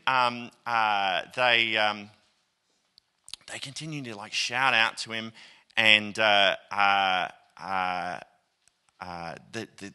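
Australian male pastor, storytelling sermon, very bright and lively delivery, acts out the people in his stories. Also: medium pitch. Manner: animated, acts out quoted voices, many fillers. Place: church auditorium.

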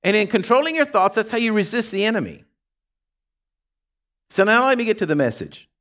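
A man preaching a folksy, animated sermon as pastor of a church. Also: sits high, a little fast. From Texas.

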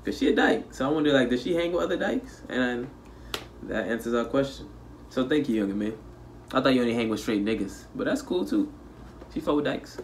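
A man's voice: medium pitch, animated, brisk, slight background noise. A young man from South Florida hosting a reaction video, talking in a loose, slangy way with lots of fillers. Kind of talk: casual reaction commentary. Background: loud music playing.

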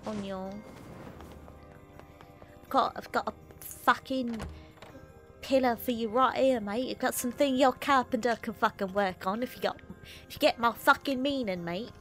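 A woman's voice: on the high side, normal speed, long pauses, fairly bright tone, soft background music, lightly acted. Woman doing a crude leering lad. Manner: leering, crude pickup lines.

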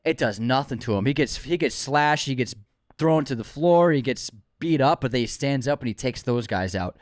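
A male podcast co-host chats casually and enthusiastically in an ordinary, middle-pitched, expressive voice at normal speed, playfully teasing his co-host. The recording sounds dry and close, with no echo.

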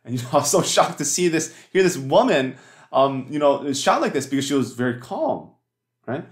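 A pastor with a medium-pitched, very animated voice preaches a sermon at a moderate pace. He talks conversationally, full of fillers and restarts, and poses rhetorical questions to the congregation, all echoing through a church hall.

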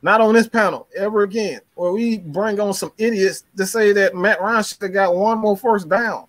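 A man's voice: high-pitched, normal speed, a bit bright, no room sound. A man co-hosting a sports talk show, ranting bluntly and with plenty of profanity. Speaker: podcast co-host.

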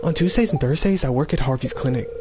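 A man's voice: mid-range voice, quick pace, noisy background, natural voice. A man reading out a cheerful young woman villager's game dialogue in a raised voice, with a dull lo-fi mic and faint game music. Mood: chipper.

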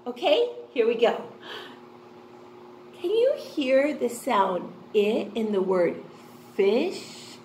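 A woman teaching a kindergarten phonics class, talking slowly and excitedly with delighted gasps. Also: medium pitch. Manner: slow, sing-song and excited, gasping with delight. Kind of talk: online lesson for young children. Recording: echoey room with faint noise.

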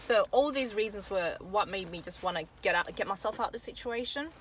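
A woman's voice: mid-range voice, a little fast, a little hiss or hum. A woman casually telling a long story to camera while sitting in a car, rambling with restarts and asides. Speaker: vlogger.

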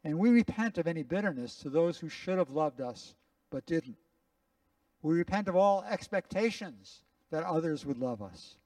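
Man, rabbi, earnest prayer leader, slightly high voice, distant dry recording. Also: a little mellow, no room sound. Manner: earnest, leads prayer and responsive lines. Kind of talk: sermon with congregational prayer. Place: congregation sanctuary.

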